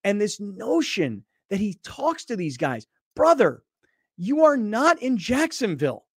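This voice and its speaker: A man's voice: sits high, wildly swooping pitch, measured pace, husky, no echo, studio quality. A man hosting a sports talk show, talking emphatically and with sarcasm.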